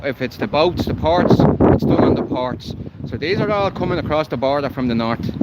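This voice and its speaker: A man's voice: a little high, heavy background noise. An Irish man livestreaming while walking his dog by a canal, talking bluntly and heatedly with lots of swearing. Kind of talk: live walking vlog.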